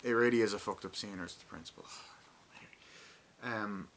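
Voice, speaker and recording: A man's voice: fairly low pitch, a little fast, fairly bright tone. A young man in his twenties giving a rambling, profanity-heavy casual movie review and acting out lines from the film. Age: 20s.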